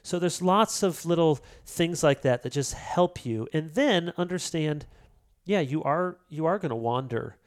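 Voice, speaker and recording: A man as an interview guest, talking about prayer in a lively storytelling way and acting out quoted lines. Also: a little high, measured pace. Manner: animated storyteller, acts out quotes. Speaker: author and pastor guest. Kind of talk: casual interview talk.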